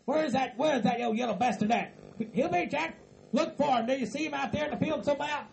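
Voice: high-pitched, fast talker, creaky, a little hiss or hum. A performer voicing an eager, dim hillbilly man who drawls and stammers in a comedy skit. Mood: riled up. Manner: drawling, stammering, says "by God".

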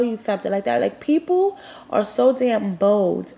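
In this personal confessional monologue, a young female podcast host speaks at a medium pitch that swings widely, a little slowly, with a creaky, mellow quality. Her talk is candid and rambling, full of "like." She's slightly congested and sniffling.

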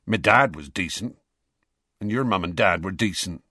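A man reading an audiobook, voicing a huge, gruff, gloomy half-giant who talks slowly and broods. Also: deep voice, lively intonation, pushed and bright, no echo, studio quality, exaggerated voice. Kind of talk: audiobook character voice.

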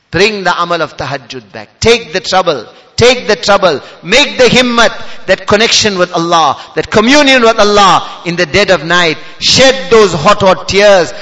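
A man preaching, swinging between hushed and loud, reciting Arabic verses rapidly. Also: high voice. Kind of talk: sermon. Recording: hall reverb.

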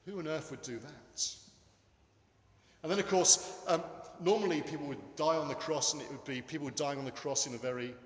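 A man preaching a sermon in a church, earnest and emphatic, with dramatic pauses. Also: on the high side. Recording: echoey hall with long reverb.

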